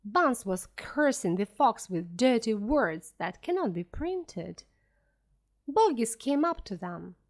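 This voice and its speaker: A woman reading a graded storybook aloud in a clear, expressive storytelling voice. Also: on the high side, slow.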